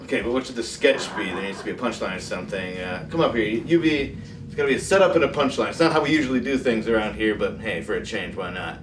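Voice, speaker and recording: A man's voice: lowish voice, fast talker, recorded from a distance, noisy background. A man hosting a comedy show, delivering a monologue with dry, self-mocking asides. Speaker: talk show host. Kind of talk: comic monologue. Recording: roomy echo, off mic, faint music.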